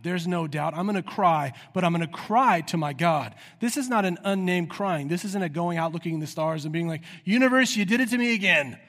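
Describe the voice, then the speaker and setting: Male pastor, fairly high voice, earnest sermon delivery that swings into voiced prayers, hall reverb. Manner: earnest preaching, acts out prayers in a raised voice.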